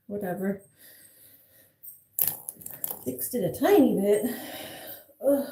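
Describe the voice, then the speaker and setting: A woman's voice: a little high, lively intonation, extremely slow, pauses often, warm tone, husky, low-quality recording. A young woman streaming live, chatting casually and cooing to her pets. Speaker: livestreamer.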